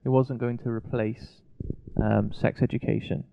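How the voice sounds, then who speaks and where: A man's voice: medium pitch, little pitch movement, moderate pace, gravelly, slight background noise. A man in a casual podcast chat, making wry, sarcastic quips. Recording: dull lo-fi podcast audio.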